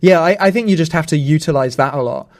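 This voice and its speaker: Young male co-host, playful and rambling, voice sits a touch high. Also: quick pace. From England. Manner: rambling, playful, laughs often. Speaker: podcast co-host. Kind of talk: casual chat.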